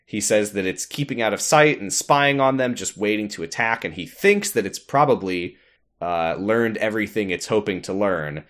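A man with a lowish voice co-hosts a casual podcast, recapping an episode scene by scene. He rambles through the plot in a deadpan way, dropping profane asides as he goes. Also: normal speed. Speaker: podcast co-host.

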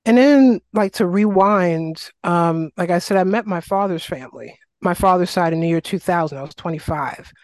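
Middle-aged woman from new york telling her story, lively, lots of ums, dry close sound. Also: lowish voice, normal speed, hardly any pauses, no room sound. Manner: animated, acts out quoted voices, frequent fillers. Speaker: guest, wellness coach. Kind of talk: casual interview storytelling.

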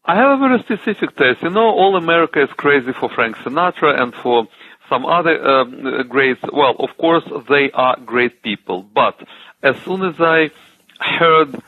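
A man from Russia with a Russian accent, a singer answering interview questions eagerly, with many pauses and uhs. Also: medium pitch. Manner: enthusiastic, hesitant with many uhs. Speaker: singer and TV host, guest. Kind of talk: casual interview. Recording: tinny phone line.

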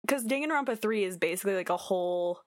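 A woman's voice: medium pitch, lively intonation, no room sound, clean studio sound. A woman co-hosting a casual music podcast, rambling through her thoughts with many fillers. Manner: rambling, heavy on "like", quick to laugh. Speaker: podcast co-host. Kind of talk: casual chat.

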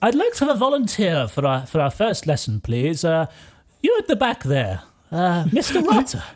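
A man's voice: high voice, huge pitch swings, moderate pace, darkish tone, heavily acted. A man putting on a fussy, cheerful magic teacher. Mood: encouraging.

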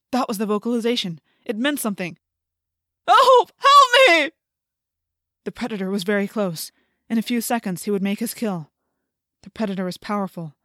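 A woman reading a first-person audiobook in a measured, steady storytelling voice that climbs in intense passages, on a close studio mic. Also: medium pitch, dry recording. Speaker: audiobook narrator.

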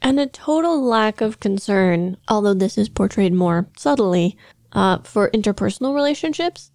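A woman of middling pitch discusses on a podcast in an animated way, playfully acting out lines. The recording is dry and close. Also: moderate pace, no room sound. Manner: animated, acts out quotes playfully. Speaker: podcast co-host. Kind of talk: analytical discussion.

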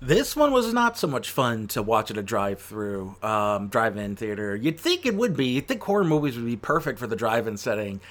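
A man talking through a film review in a loose, conversational way. He rambles, restarts his sentences and fills pauses with ums and uhs, and his pitch sits in an everyday middle range. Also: big pitch swings, fairly bright tone. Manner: rambling and chatty, full of fillers and self-corrections. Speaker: movie reviewer. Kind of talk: casual spoken film review.

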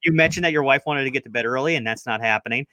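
A man's voice: mid-range voice, very fast, bright, forceful tone, dry recording. A man co-hosting a casual podcast, easygoing as he steers the talk with questions. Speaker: podcast co-host.

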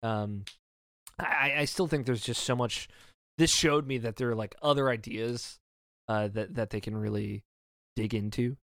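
A man's voice: mid-range voice, unhurried, a bit bright, no echo, clean studio sound. A man reviewing a video game in a casual discussion, talking eagerly and rambling with lots of fillers. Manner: enthusiastic, rambling with many fillers.

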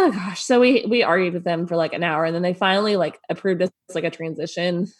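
A woman's voice: lowish voice, fairly quick, dry recording. A pregnant young woman co-hosting a podcast, candid and wry in casual chat. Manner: sympathetic, many "aw"s, wry and candid. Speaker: podcast co-host.

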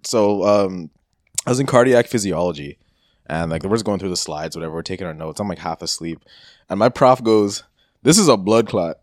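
A man's voice: deep voice, a little fast, dry recording, clean studio sound. A man, co-hosting a podcast and telling stories with laughter. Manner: animated storytelling, laughs often. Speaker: podcast co-host. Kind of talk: casual chat.

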